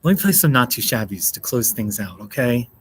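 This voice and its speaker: A talkative American man runs a relaxed live stream, answering his chat as it scrolls by. His voice sits at an ordinary middle pitch, and he breaks into laughter easily between remarks. A faint hum of background noise lingers behind him. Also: fairly quick. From United States. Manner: chatty, reads out and answers chat, laughs often. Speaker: livestream host.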